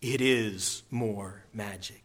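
A man reading aloud and voicing a great, solemn lion king in a low, slow voice. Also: a bit bright. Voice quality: deep and slow.

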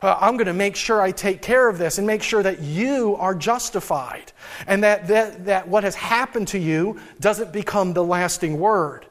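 Man, pastor preaching, high voice, earnest, restarts mid-sentence. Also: normal speed. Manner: earnest, thinking aloud with frequent restarts. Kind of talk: sermon.

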